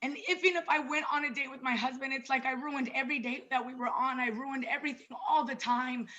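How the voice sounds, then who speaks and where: A woman in her thirties with a high, bright voice, talking to a group on a video call. She is chatty and personal and keeps calling her listeners "you guys." The sound is a bit dull and lo-fi. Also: fairly even intonation, quick pace. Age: 30s. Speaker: wellness coach presenting to a group. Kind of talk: casual online presentation.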